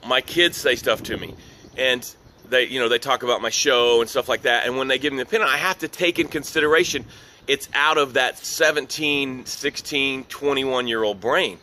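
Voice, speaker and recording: A middle-aged man gives a motivational business talk, earnest and emphatic, and circles back to the same phrases again and again. His voice is bright and forceful, pitched in the ordinary middle range for a man. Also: a little hiss or hum. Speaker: business coach.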